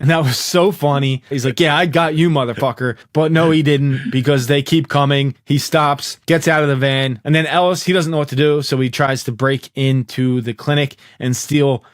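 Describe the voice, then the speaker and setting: A man's voice: medium pitch, fairly even intonation, moderate pace, hardly any pauses, dry recording, clean studio sound. A man hosting a casual TV recap, animatedly acting out dialogue and swearing freely. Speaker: recap host.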